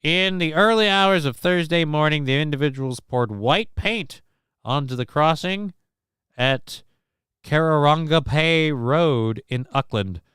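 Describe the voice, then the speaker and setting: A man's voice: mid-range voice, a bit bright, clean tone, dry recording, studio quality. A man hosting a casual live stream, reacting to news clips with rambling, sarcastic asides. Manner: rambling, sarcastic, mock voices for people in clips. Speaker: show host.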